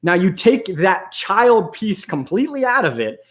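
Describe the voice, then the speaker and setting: Host: man, casual live-stream talker, rambling, laughs often, slightly high voice. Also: big pitch swings, a little slow.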